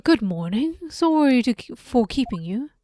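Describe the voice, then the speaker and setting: A woman's voice: on the high side, big pitch swings, moderate pace, warm tone. A woman reading the lines of a nervous young male law student, hesitant and stammering.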